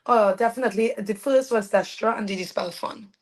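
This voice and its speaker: A young woman with a Trinidadian accent, telling her life story as a guest in a casual interview, animated and quick to laugh. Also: mid-range voice. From Trinidad and Tobago. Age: young adult. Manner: animated, laughs often, trails off with fillers. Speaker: soca artist guest.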